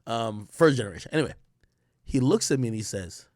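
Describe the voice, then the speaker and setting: A man telling a casual story to his live stream, excitable and full of slang and swearing. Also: mid-range voice, a little fast, no room sound, studio quality. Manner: animated, profane, slangy, excitable. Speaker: streamer and commentator.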